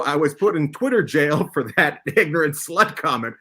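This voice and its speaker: A high, lively man's voice with a bright, sharp edge hosts a comedy panel game. He teases his guests in brash, profane bursts. His pitch swings widely from line to line. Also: moderate pace, breathy edge. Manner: brash, profane, teasing, animated outbursts. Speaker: comedian host of an online roundtable game show. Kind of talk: loud joking banter.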